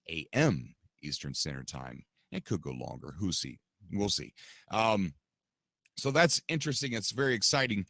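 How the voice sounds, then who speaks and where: A man's voice: on the low side, fairly bright tone, dry recording, studio quality. A man hosting a livestream podcast, chatting casually and rambling straight to his viewers. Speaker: podcast host and streamer.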